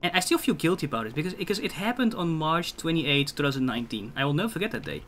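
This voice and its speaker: A man streaming a game, telling stories in a casual, profane, animated way with many restarts. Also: on the high side, quick pace, slight background noise. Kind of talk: casual storytelling while gaming.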